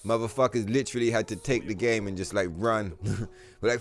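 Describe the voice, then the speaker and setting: Speaking briskly in a fairly low, fairly even voice, this young livestream host chats casually with his gaming audience. He reads out viewer messages and responds in a rambling, filler-heavy, profane way over faint background music.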